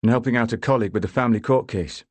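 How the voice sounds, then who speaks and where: A man's voice: mid-range voice, racing, no room sound, pitched above the performer's own voice, lightly acted. A man doing a prickly tired lawyer. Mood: curt. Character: tired gruff male lawyer, prickly and drinking.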